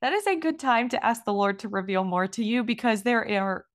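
A woman's voice: fairly high pitch, animated, brisk. A woman co-hosting a faith podcast, speaking in a friendly, practical way as she moves into tips. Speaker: podcast co-host. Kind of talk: casual faith podcast chat.

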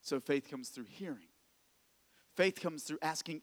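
In a large hall, a pastor with a slightly high voice delivers an unhurried sermon. He speaks to the congregation in a conversational manner, asking rhetorical questions and repeating phrases.

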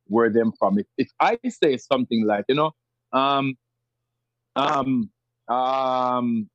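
A man's voice: mid-range voice, no echo. A man from rural Jamaica with a Jamaican accent, a podcast guest talking casually and animatedly, often repeating himself as he explains. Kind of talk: casual interview chat. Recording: dull lo-fi sound.

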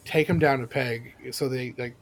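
A man's voice: medium pitch, fairly even intonation, normal speed. A man co-hosting a casual podcast chat, enthusiastic and talking in long stretches. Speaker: podcast co-host.

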